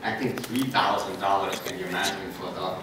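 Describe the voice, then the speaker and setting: A man's voice: low-pitched, steady tone, a little fast. Older man rambling in an echoey hall. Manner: rambling, chuckling, with many restarts. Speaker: convention panel guest. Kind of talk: panel Q&A storytelling. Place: large convention hall. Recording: echoey convention hall, noisy, from far off.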